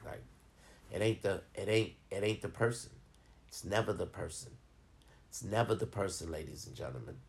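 A man telling a rambling, profane personal story and giving advice to his viewers in a casual, animated way. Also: sits low, moderate pace, gravelly.

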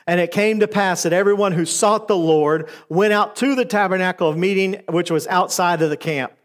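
A man with a high, light voice preaching a sermon. He retells scripture casually, stumbling over words and adding "uh" as he goes, then slipping into quick voices for the people in the story. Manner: retells scripture conversationally with fillers and acted quotes.

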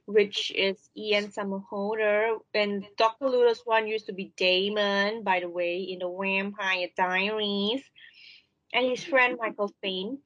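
A woman on a podcast recapping a TV series, halting with frequent ums. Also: mid-range voice, fairly even intonation, fairly bright tone, muffled recording. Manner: hesitant, many ums and restarts. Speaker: podcast co-host. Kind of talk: casual chat, recapping a show.

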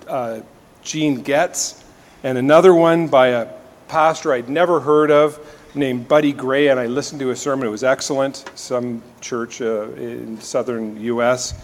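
Man preaching in a reverberant hall. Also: mid-range voice. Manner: conversational, self-deprecating with frequent fillers and restarts. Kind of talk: sermon.

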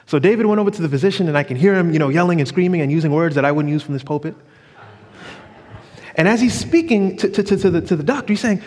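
A man's voice: high-pitched, lively intonation, brisk, darkish tone. A man preaching a sermon from the pulpit, drawing out phrases for emphasis and calling for responses from the congregation. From New York. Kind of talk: sermon with storytelling. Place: church sanctuary. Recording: long reverb of a church hall.

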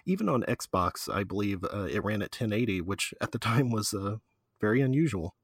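A man's voice: on the low side, animated, normal speed, husky, no echo. Rambling casual guy, dry close sound. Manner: rambling, lots of fillers, laughs often. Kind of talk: casual chat.

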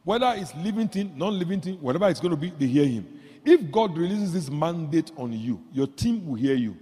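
Animated preacher man in a reverberant hall. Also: fairly quick, husky. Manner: animated, jumps from low asides to loud exclamations; leads the congregation in call-and-response reading. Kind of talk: sermon.

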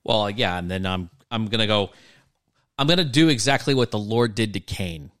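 A man co-hosting a casual faith podcast, explaining thoughtfully and asking gentle, probing counseling questions, at times poking fun at himself. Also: on the low side, lively intonation, moderate pace, no echo, studio quality.

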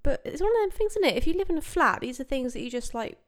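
A woman's voice: high-pitched, sing-song, fast. A young woman co-hosting a film podcast in casual, chatty talk, laughing often. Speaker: podcast co-host. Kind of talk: casual chat.

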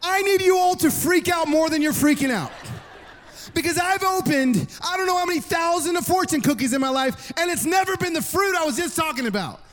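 Man, high voice, energetic sermon storytelling, long hall reverb. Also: fairly quick. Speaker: worship pastor.

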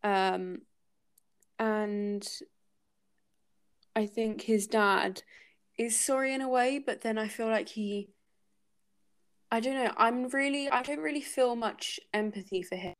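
Gravelly-voiced woman musing over a book. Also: fairly high pitch, steady tone, slow pace, pauses often. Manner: hesitant, thinking aloud with many fillers. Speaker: book podcast host. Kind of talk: casual book discussion.

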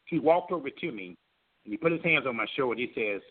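A man's voice: medium pitch, lively intonation, quick pace, slightly rough, phone-quality sound. A man from Florida, a guest on a talk show, telling a personal story earnestly and acting out the voices he quotes. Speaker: guest, former governor candidate.

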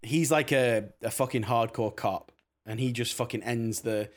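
Brief: male podcast host, mid-pitched, wry plot recapper. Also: steady tone, moderate pace. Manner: wry, summarizing plot, swears. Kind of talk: casual film chat.

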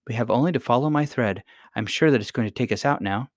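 A man's voice: mid-range voice, fast talker, no room sound, clean studio sound, close to an everyday voice. A man voicing a brave, determined young princess girl with an eager tone in a storybook reading. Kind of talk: audiobook character voice.

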